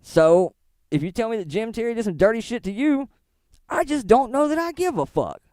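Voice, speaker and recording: A man's voice: very high voice, big pitch swings, a little fast, darkish tone, no echo, studio quality. A middle-aged man giving casual, profane commentary on online drama, rambling and laughing often as he talks. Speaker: commentary streamer.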